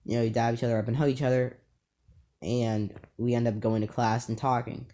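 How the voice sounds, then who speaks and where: A man's voice: mid-range voice, little pitch movement, brisk, dark tone. Young male vlogger, casual storyteller, rambling, filler-heavy, amused. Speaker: YouTuber.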